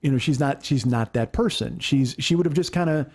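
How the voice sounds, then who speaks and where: A middle-aged man casually telling a story as a podcast host, animated and profane, acting out what others said. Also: medium pitch, fairly quick, breathy edge. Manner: animated, profane, acts out quotes.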